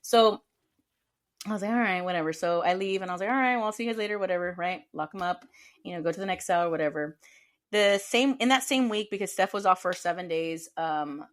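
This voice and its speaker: A woman co-hosting a podcast, telling a work story in casual chat, animated and acting out quoted voices with frequent laughter. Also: on the low side, fairly quick. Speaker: podcast co-host.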